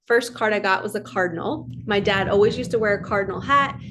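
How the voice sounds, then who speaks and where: A woman's voice: mid-range voice, brisk, background noise. A woman in her thirties, a spiritual coach, talking casually and earnestly, stressing and repeating short phrases. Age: 30s. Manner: earnest, emphatic, repeats mantras. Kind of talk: casual inspirational monologue.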